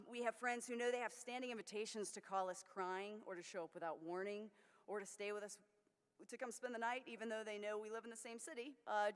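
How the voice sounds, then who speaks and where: A woman's voice: medium pitch, fairly bright tone, clear, resonant tone. A woman giving a conference keynote, telling personal stories in an earnest way. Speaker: keynote speaker. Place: large conference hall. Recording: long reverb of a large hall.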